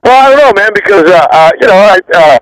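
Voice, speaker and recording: A man in his fifties, a former rock bassist, rambling through profane backstage stories and laughing often. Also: expressive, fast talker, clean tone, no echo, rough recording. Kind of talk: casual interview storytelling.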